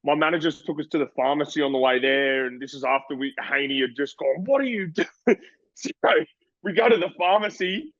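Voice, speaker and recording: Australian boxer telling stories, rambling. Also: male voice, mid-range voice, fast talker, hardly any pauses, no echo, highs cut off. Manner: rambling, animated storytelling with voices. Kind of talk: casual interview talk.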